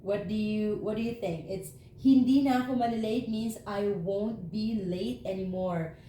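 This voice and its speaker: Filipino-accented woman as language teacher, mellow tone, slows for examples, echoey room with faint noise. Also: mid-range voice. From Philippines. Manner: slows down to spell out example phrases. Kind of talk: language lesson.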